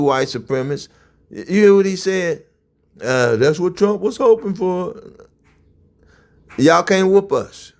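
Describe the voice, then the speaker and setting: A man preaching fiery religious commentary in a confrontational way, often breaking into shouts. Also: on the high side, vocal fry.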